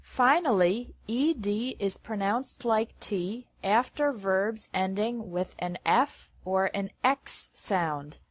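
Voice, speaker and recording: Very slow woman reading word lists. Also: mid-range voice, animated. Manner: reads word lists one by one with careful pauses. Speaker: pronunciation teacher. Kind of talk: slow scripted pronunciation lesson.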